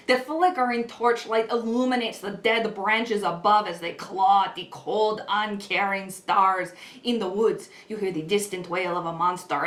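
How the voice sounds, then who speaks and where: Actress as a perky, pushy skeleton guide peddling her underworld home, salesy and slightly menacing, heard roomy and from a distance. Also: close to an everyday voice. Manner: chatty salesy pitch, swings between loud and hushed. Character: cheery skeleton tourism guide, female, pushy and morbid.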